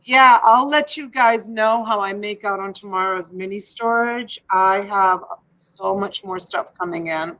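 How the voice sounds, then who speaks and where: A woman's voice: mid-range voice, a little slow, few pauses, fairly bright tone. Chatty woman on a muffled livestream. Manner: chatty, stumbling, repeats words. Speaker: livestream seller. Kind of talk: casual live-sale chat.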